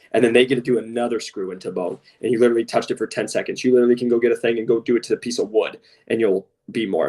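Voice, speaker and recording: A man's voice: medium pitch, darkish tone, husky, far from the mic. A man co-hosting a podcast in casual talk, blunt and impassioned, often saying "literally" and "straight up". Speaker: podcast co-host.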